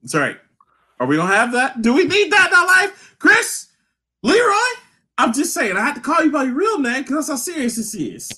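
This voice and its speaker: A man co-hosting a casual podcast, talking fast and excitedly. His voice sits high and bright and swings widely in pitch. He laughs often and slips into acted-out voices as he retells a story. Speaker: podcast co-host. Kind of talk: casual chat.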